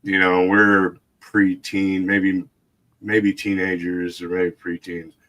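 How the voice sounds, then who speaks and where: Casual male storyteller, low-pitched, loose and laughing, swears freely. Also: level tone, slow, a bit bright. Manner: rambling, laughing, swearing, acts out voices. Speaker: livestream guest.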